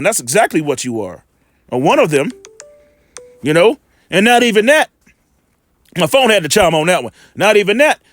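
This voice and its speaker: High, lively-voiced man preaching casually. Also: no room sound, clean studio sound. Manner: emphatic, colloquial, drawn-out slow scripture reading. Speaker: preacher commenting on video clips. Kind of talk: informal scripture commentary.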